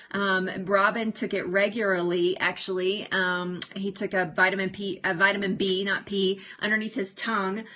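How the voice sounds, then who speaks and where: A woman's voice: mid-range voice, pushed and bright. A woman hosting a casual live stream from home, chatting with viewers, reading their comments and laughing often, on a phone microphone. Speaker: livestream host. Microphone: phone or device mic, no external microphone.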